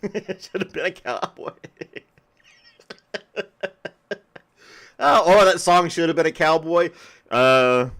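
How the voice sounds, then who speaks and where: A man's voice: fairly high pitch, expressive, slow, long pauses, fairly bright tone. A man hosting a podcast in casual chat, often breaking into laughter. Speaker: podcast host.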